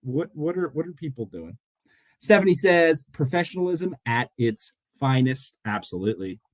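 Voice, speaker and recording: A man co-hosting a casual podcast, telling stories in an animated way and acting out the voices of people he quotes. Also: medium pitch, moderate pace. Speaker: podcast co-host; mortgage loan officer. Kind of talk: casual chat.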